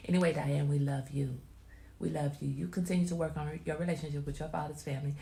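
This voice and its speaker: Low-voiced lady chatting on her stream, emphatic and motherly, echoey room. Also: fairly even intonation, fast, gravelly, warm tone. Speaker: host. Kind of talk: casual livestream talk. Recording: roomy echo.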